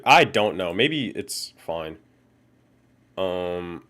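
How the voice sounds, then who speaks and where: A man's voice: low voice, slow, fairly bright tone. A man live-streaming in casual chat, swearing and muttering to himself while he fiddles with his audio settings.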